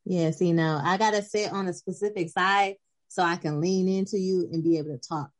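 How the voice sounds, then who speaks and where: A woman's voice: lowish voice, fairly even intonation, a little fast. Woman, playful, chatty, casual podcast talk. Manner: playful, chatty, laughs often. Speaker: podcast co-host. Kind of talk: casual chat.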